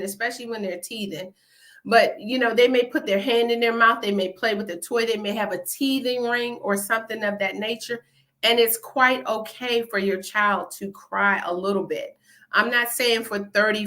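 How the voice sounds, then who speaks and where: A woman talks straight to her viewers about parenting in a relaxed, chatty way. She repeats her points and checks in with "all right?" Her voice is bright and clear, with a pitch that sits in the middle. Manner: emphatic, repetitive, chatty with frequent "all right?" and laughs. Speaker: parenting video host. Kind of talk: casual talk to camera.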